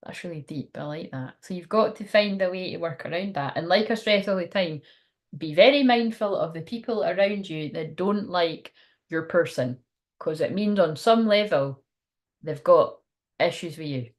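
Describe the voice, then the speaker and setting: A woman's voice: lowish voice, moderate pace. A young woman giving a casual, frank tarot reading on a livestream, laughing often and swearing now and then. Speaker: tarot card reader.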